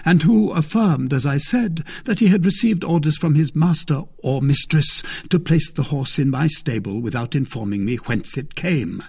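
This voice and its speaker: A man's voice: fairly high pitch, lively intonation, moderate pace, gravelly, few pauses, a little mellow, husky, pitched above the performer's own voice, full character voice. A man voicing an elegant young musketeer poet who speaks in a polished, formal way.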